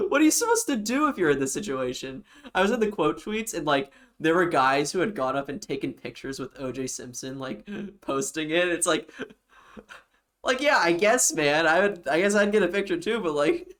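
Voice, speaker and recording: A man's voice: fairly high pitch, moderate pace, fairly bright tone. A man hosting a casual game stream, rambling and giggling through loose banter full of fillers. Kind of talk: casual let's-play banter.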